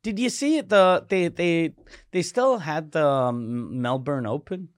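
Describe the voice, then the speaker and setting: A man's voice: on the high side, a little slow, no echo, studio quality. A man co-hosting a comedy podcast, chatting casually with many fillers and frequent swearing. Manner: laid-back, swears freely, many fillers. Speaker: podcast co-host.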